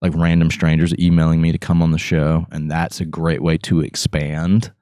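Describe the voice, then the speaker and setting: A man's voice: extremely low pitch, completely flat delivery, normal speed, dark tone, no room sound, clean studio sound. A man hosting a podcast in casual chat, goofy and rambling as he tells stories. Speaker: podcast host.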